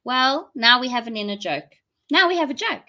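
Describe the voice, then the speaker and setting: A woman's voice: sits high, expressive, moderate pace, pushed and bright. A woman with a South African accent, chatting casually and rambling to viewers during a live stream, laughing often. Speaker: livestream host.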